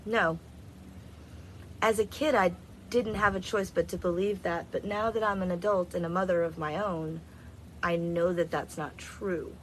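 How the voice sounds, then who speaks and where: A woman's voice: fairly low pitch, steady tone, a little slow, a little hiss or hum, rough recording. A young adult woman telling a personal story in a blunt, candid way, acting out other people's voices as she goes. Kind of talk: casual storytelling vlog.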